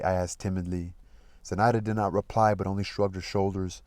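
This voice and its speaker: A man reads a classic novel aloud in a very low, deep voice. He stops now and then to re-read a passage and muse about it casually. The sound is close and dry, with no room echo. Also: little pitch movement, a little fast, darkish tone. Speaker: reader of a literary audiobook channel. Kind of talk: reading a novel aloud with commentary.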